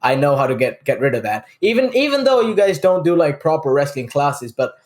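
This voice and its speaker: A woman's voice: low voice, very animated, fairly quick, darkish tone. A woman co-hosting a podcast in casual chat, teasing with dry asides. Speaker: podcast co-host.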